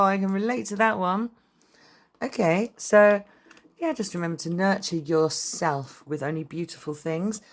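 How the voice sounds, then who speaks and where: A woman with a low-pitched voice talks her way through a tarot reading straight to camera. She rambles in a loose, chatty way and swears bluntly. The sound comes from a camera mic. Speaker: tarot reader.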